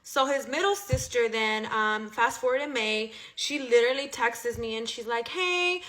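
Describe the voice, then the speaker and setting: A woman's voice: on the high side, normal speed, fairly bright tone. A young woman casually telling a personal story, chatty and profane, with lots of "like.". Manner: chatty, profane, heavy use of "like".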